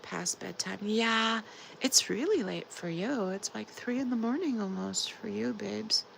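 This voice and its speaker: A tired woman with a sore, scratchy throat chatting casually on a late-night livestream, drifting into soft whispers. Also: mid-range voice, a little slow, creaky. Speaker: livestream host.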